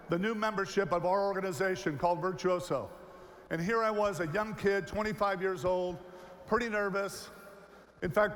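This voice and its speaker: A man in his fifties, a keynote speaker telling a story to a large audience and acting out its characters. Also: sits high. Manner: animated, acts out the characters in his stories. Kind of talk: storytelling speech. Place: large hall, on stage. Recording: long hall reverb, faint noise.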